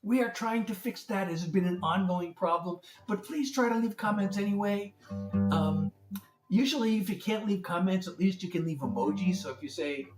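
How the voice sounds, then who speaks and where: A singer-songwriter hosts his own music livestream from a room at home lit by a ring light, chatting casually, greeting viewers by name, and fumbling with the setup. His voice sits high and moves at a moderate pace. Recorded on a phone, he sounds far from the mic, off-axis in an echoey room.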